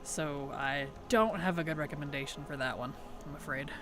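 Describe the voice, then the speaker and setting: A woman's voice: low voice, normal speed. Chatty woman streamer, faint music behind. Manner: chatty, giggly, thanks subscribers and answers chat. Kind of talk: casual livestream chat.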